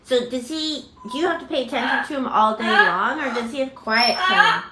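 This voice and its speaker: A woman with a lively, slightly high voice chats slowly with viewers about her parrots. She is recorded in an echoey room at home. Loud noise and squawking parrots fill the background. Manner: chatty, laughing, imitates bird screams. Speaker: parrot channel host. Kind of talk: casual livestream chat with viewers.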